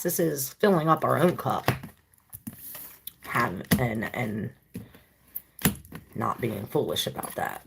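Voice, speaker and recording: A woman with a very deep, heavily gravelly voice gives a casual tarot reading. She rambles loosely, with plenty of fillers, and chats straight to her viewers. A faint hiss sits under her voice. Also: lively intonation, slow, long pauses. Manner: chatty, talks to viewers directly. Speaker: tarot reader.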